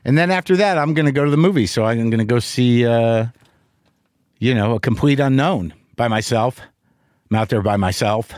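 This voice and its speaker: A man's voice: medium pitch, moderate pace, darkish tone, no room sound, clean studio sound. Candid middle-aged man, rambling and profane. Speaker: podcast host. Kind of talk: casual monologue.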